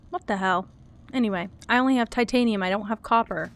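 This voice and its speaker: A woman's voice: medium pitch, brisk. A young woman streaming a game, chatting to her viewers in a nervous, giggly way and swinging between whimpering fear and casual commentary.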